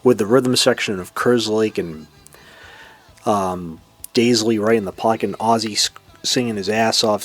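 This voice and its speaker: A man with a Boston accent hosting a solo classic rock show, talking with excitement and now and then singing bits of lyrics. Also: fairly low pitch, a little slow. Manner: enthusiastic, sings lyrics and imitates singers. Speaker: podcast host. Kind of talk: casual solo music commentary.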